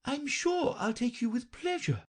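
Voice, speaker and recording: A flustered old queen from a storybook, vague and melancholy, talking in a high, fluttering voice, as a woman reads her. The voice swoops about a lot and has a faint husk. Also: big pitch swings, measured pace, exaggerated voice.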